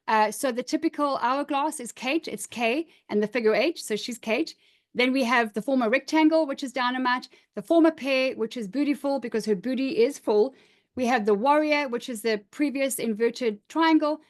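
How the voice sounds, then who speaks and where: Middle-aged woman coach, slightly high voice, upbeat and emphatic, encouraging workshop style. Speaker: image coach. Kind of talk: live online workshop, reading out participants' comments.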